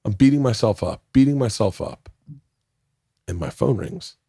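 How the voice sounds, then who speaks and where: A man's voice: on the low side, animated, moderate pace, creaky, mellow, husky, no room sound, clean studio sound. A man in his forties, a podcast guest, telling a rambling story with lots of swearing and self-talk in casual chat. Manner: rambling storytelling, heavy swearing, acts out his own inner voice.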